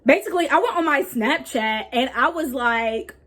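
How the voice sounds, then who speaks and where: A woman's voice: high voice, moderate pace. A young woman vlogger telling a story in casual, slangy talk, acting out what people said. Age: young adult. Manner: animated, slangy, acts out quotes.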